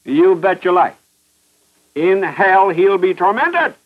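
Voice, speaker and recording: A man with a high voice preaches with fierce emphasis, driving each point home through repetition and pointed questions. The sound is muffled and dull, like an old radio broadcast. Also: big pitch swings, takes it slowly, pauses often, breathy edge. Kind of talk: fervent radio sermon.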